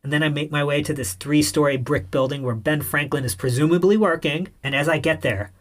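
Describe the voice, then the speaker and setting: A man's voice: a little high, fairly quick. A man narrating a comic first-person story in an irreverent, wry tone.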